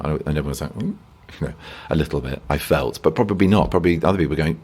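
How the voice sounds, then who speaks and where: A man's voice: a bass voice, very fast, hardly any pauses, a little mellow, husky. A man, an actor as a guest, talking reflectively and self-deprecatingly in a rambling interview, often restarting sentences.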